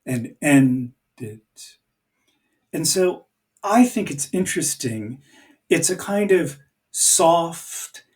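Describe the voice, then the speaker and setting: A man teaching a poetry lesson, talking slowly and thoughtfully and reading lines of verse aloud to count their beats. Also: medium pitch, darkish tone, distant mic. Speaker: literature teacher.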